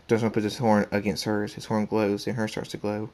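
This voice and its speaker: A man reading his own fan story aloud, plain and even, with small restarts. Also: lowish voice, fairly quick.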